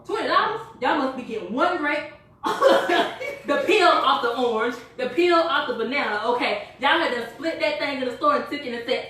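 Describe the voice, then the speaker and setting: A woman giving an energetic, chatty sales pitch to a small live group, laughing and quizzing her listeners. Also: a little slow. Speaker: product presenter. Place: echoey room with a small live audience. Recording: echoey room from far off.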